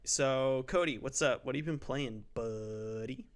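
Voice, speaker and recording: A man's voice: mid-range voice, measured pace, clear, resonant tone. A young man hosting a casual podcast about games, joking and self-deprecating as he rambles through the intro. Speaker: podcast host. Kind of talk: casual chat.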